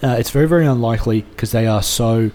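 A man's voice: mid-range voice, quick pace, mellow, a little hiss or hum. A man co-hosting a casual football chat, talking earnestly and at length with frequent restarts. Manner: earnest, rambling, many restarts and fillers.

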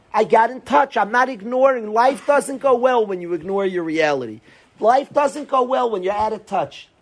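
A man, a rabbi, giving an earnest Torah lecture to yeshiva students, often repeating phrases for emphasis. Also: very high-pitched.

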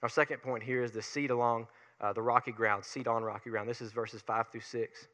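A man with a Southern US accent preaching a sermon in an energetic, folksy way, picking up speed as he gets fired up. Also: medium pitch, fairly quick, in a large hall. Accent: Southern US, Alabama Gulf Coast. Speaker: pastor.

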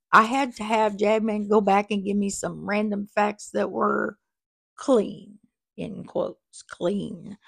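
A woman's voice: medium pitch, creaky, dry recording, studio quality. A woman hosting a podcast in casual, rambling chat, full of asides, recorded on a small mic in a crowded little office. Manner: chatty and rambling, with many fillers and asides. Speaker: podcast host. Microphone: small microphone.

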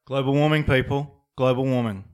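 A man's voice: mid-range voice, steady tone, a little fast, a little mellow, smooth. A man, co-hosting a podcast in playful casual chat. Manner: playful, jokey, reads numbers aloud. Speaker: podcast co-host.

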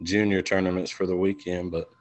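A man's voice: low-pitched, level tone, a little fast. A man co-hosting a casual podcast, speaking hesitantly and restarting his questions.

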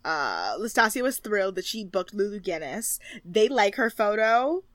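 A woman's voice: medium pitch, big pitch swings, moderate pace, no room sound. A woman co-hosting a podcast, chatting casually in a recap and acting out quotes in mock voices. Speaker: podcast co-host.

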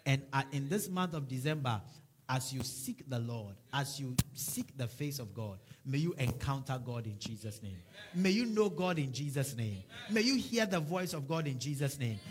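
A man's voice: medium pitch, big pitch swings, normal speed. A man preaching a sermon as a pastor, with fervent, repeated declarations and prayers.

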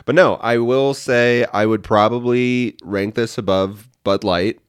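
A man's voice: mid-range voice, fairly even intonation, measured pace, clear, resonant tone, no echo, clean studio sound. A man from the American Midwest co-hosting a live-streamed podcast, joking casually while drinking a beer. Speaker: podcast co-host.

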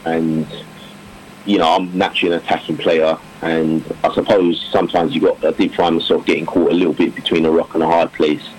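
A man with a bass voice and a level tone speaks a little fast, captured on a rough recording with slight background noise. He's a cricketer turned coach, answering interview questions in a rambling way, full of fillers and restarts and warm laughter.

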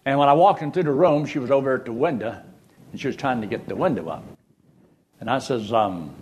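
A man's voice: lowish voice, quick pace, creaky, slight background noise. An older man preaching a sermon, telling folksy stories and jokes between Bible verses. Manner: folksy, animated storyteller with jokes. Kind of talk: sermon with storytelling.

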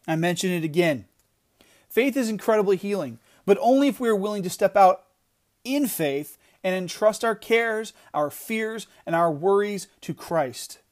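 A man's voice: high voice, a little mellow. A middle-aged man giving an earnest devotional talk, emphatic, often restarting his phrases. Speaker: podcast devotional speaker.

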